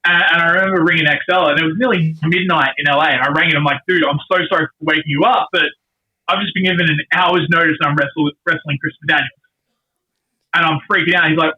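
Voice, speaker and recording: A man's voice: sits high, fairly quick, pushed and bright. A middle-aged man, a wrestler, telling earnest, rambling stories in a casual podcast interview. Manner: rambling, earnest storytelling with many fillers. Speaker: guest wrestler. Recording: dull lo-fi sound.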